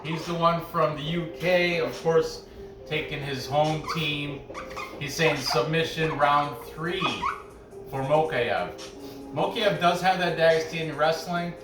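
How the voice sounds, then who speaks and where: A man's voice: fairly high pitch, takes it slowly, far from the mic. Chatty man, roomy and off-mic. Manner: loose, chatty, frequent restarts and asides. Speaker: sports betting picks host. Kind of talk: casual rambling commentary. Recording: roomy echo, off-mic, faint music behind.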